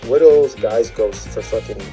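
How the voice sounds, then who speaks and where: Guest drone pilot, male, deep mellow tone, relaxed chatter, faint music under. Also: fairly quick, poor audio. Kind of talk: casual interview chat.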